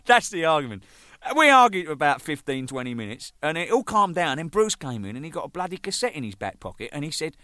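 A man recounts band stories with plenty of swearing and laughter. His pitch swings widely and his tone is bright. The recording is dry and close. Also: fast talker, no room sound. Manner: animated, swearing, laughing, shouting out quoted lines. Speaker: band drummer telling stories. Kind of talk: casual storytelling monologue.

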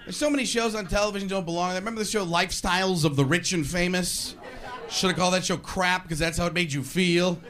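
A man's voice: high voice, fairly even intonation, fast talker, a bit bright. A man doing a sarcastic stand-up comedy routine, acting out voices. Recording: live stand-up with noise.

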